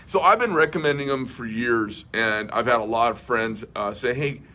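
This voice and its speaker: A man's voice: mid-range voice, moderate pace, sharp tone. Rambling middle-aged man telling a story. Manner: rambling storyteller, many fillers and restarts; blunt, swears casually. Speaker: host. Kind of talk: casual livestream chat.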